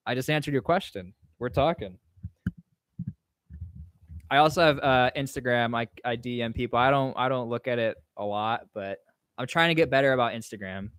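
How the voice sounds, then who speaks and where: A man's voice: on the high side, clean tone, no room sound, studio quality. A man hosting a casual livestream Q&A, reading chat questions aloud and answering in a rambling, offhand way. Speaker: livestream host.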